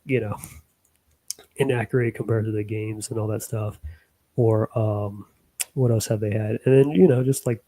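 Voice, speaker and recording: A hobby animator with a lowish, mellow voice rambles casually about his own animation project, loose and full of fillers and little chuckling asides. There's no room sound, though the recording is rough.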